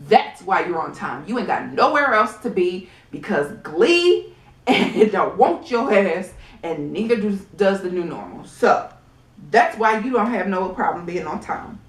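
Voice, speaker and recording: A woman giving a casual, sassy TV episode review in a blunt, animated way, often laughing. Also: mid-range voice, a little slow. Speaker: reality TV recap vlogger. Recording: echoey room.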